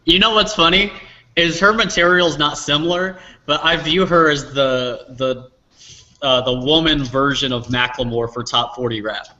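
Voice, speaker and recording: A chatty man on a casual music talk show, jumping in with counterpoints. His voice is bright and forceful, and the recording has a dull, lo-fi quality. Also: on the high side. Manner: chatty, quick to offer counterpoints. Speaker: podcast co-host. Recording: dull lo-fi sound.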